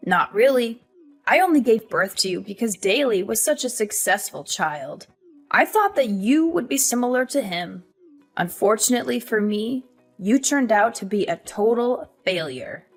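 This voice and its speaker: A woman voicing a cold, scornful middle-aged mother in an animated story, with a cutting, dismissive way of talking. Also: fairly high pitch, moderate pace, faint music behind.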